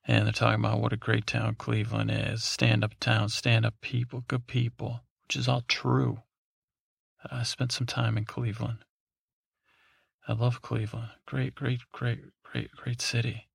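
A man's voice: medium pitch, completely flat delivery, a little slow, vocal fry, slightly rough, dry recording. A man hosting a podcast, telling a meandering, drowsy bedtime story with many fillers and restarts. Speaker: podcast host.

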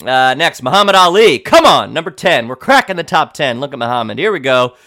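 A man hosting a podcast, casually reading out sports quotes and reacting with loud disbelief and swearing. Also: a little high, sing-song, brisk. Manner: incredulous, swears and reacts loudly. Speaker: podcast host.

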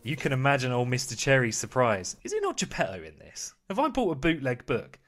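A man's voice: mid-range voice, very animated, brisk. A man co-hosting a podcast, reading a bedtime story in a playful, mock-fatherly way with frequent giggles. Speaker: podcast co-host.

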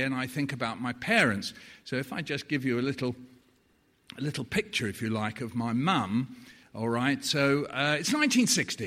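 A British man in his seventies gives a playful live storytelling talk from a stage in a large hall, his medium voice a bit bright. He slips into voices for the people he quotes, and the recording has long hall reverb.

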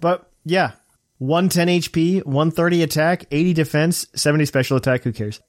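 A man hosting a casual gaming podcast, relaxed and chuckling often. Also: on the high side, normal speed, dry recording, studio quality. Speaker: podcast host.

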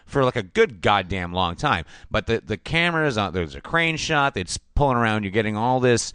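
A man's voice: fairly low pitch, fairly quick, clear, resonant tone, no room sound. A man co-hosting a casual film review podcast, talking with enthusiasm and plenty of swearing. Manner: enthusiastic, profane, lively storytelling. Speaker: podcast co-host.

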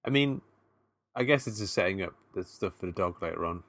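A man's voice: sits low, animated, a little fast, a bit bright, no echo, studio quality. A man co-hosting a podcast, recapping a film plot casually with hesitations. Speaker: podcast co-host. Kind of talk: casual film review chat.

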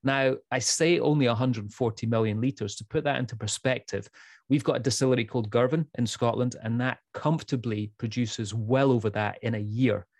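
A man's voice: medium pitch, fairly even intonation, fairly quick, no room sound, clean studio sound. A man co-hosting a casual podcast chat, chatty and prone to repeating words as he thinks. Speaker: podcast co-host.

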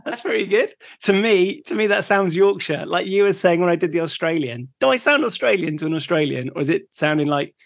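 A man from England co-hosting a podcast, chatting in a relaxed way and laughing easily while recapping facts. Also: high-pitched, brisk, creaky, few pauses, no echo, studio quality. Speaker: podcast co-host. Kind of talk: casual chat.

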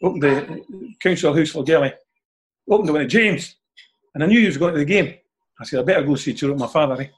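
Very fast and husky, with a voice on the high side, an older man with a Scottish accent spins anecdotes during an interview. His delivery is chatty, and phrases often finish with a questioning "eh?".

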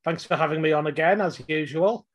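A man's voice: a little high, fairly quick. A man co-hosting a football podcast, telling stories in casual chat and laughing. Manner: storytelling, laughing. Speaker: podcast co-host.

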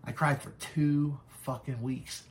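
A man telling his own story as a podcast guest, frank and halting, swearing often. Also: mid-range voice, fairly even intonation, slight background noise. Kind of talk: candid personal storytelling.

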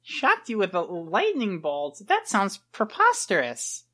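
A woman's voice: medium pitch, huge pitch swings, measured pace, a bit bright, exaggerated voice. A woman voicing a young woman inventor who bluffs and rambles with hesitant fillers. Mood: defensive.

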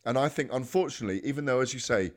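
A man co-hosting a sports radio show chats animatedly about fights, telling stories in an emphatic, casual way. His voice is mid-range and racing.

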